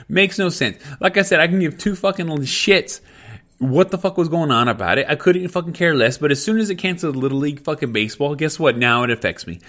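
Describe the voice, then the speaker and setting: Heated, profane man with a lively high voice. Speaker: parent venting on camera. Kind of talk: angry profane rant.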